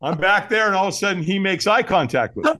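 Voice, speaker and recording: A man's voice: high voice, quick pace. A man telling a personal story as a podcast guest, acting out the people he quotes. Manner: animated, acts out quoted voices. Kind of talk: storytelling in casual conversation.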